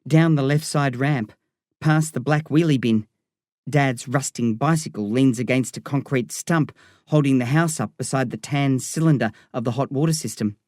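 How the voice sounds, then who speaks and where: A man reading a first-person novel aloud in a measured storytelling manner. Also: medium pitch, a little mellow, no room sound, studio quality. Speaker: narrator. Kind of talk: audiobook narration.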